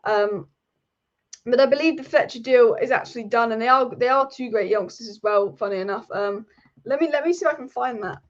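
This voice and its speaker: A woman's voice: on the high side, fairly quick. A young woman hosting a casual football live stream, chatty and repeating herself with frequent ums. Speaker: football channel host. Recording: slightly dull lo-fi sound.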